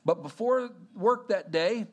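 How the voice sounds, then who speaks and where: A middle-aged man from Texas, a pastor telling a personal story in a sermon in an animated, conversational way with fillers. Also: sits high, measured pace.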